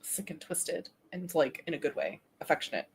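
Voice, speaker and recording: A woman's voice: on the low side, big pitch swings, normal speed, creaky, darkish tone, slight background noise. A woman in casual chat who laughs easily and reads aloud in a playful way. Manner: giggly, playful. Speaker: co-host.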